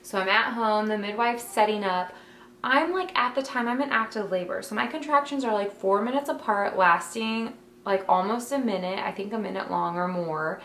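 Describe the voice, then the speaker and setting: A young woman chats to the camera from her bedroom, telling a story in an easy, emotional way. She fills her speech with "like" and "um". The room adds a clear echo, with a faint hum of ambient noise behind her. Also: medium pitch, normal speed, a bit bright. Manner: chatty, many fillers like "like" and "um"; emotional, heartfelt.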